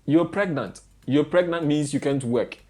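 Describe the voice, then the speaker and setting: A man's voice: on the high side, moderate pace, darkish tone. Exasperated man ranting. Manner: exasperated, repetitive rhetorical questions. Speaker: vlogger. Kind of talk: ranting commentary to camera.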